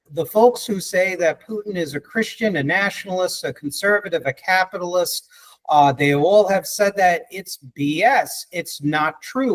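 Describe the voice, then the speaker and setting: A man's voice: a little high, a bit bright, poor audio. A man hosting a podcast, pressing his points emphatically and cutting in with challenges. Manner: pushy, emphatic, cuts in with challenges. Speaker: podcast host. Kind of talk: debate-style conversation.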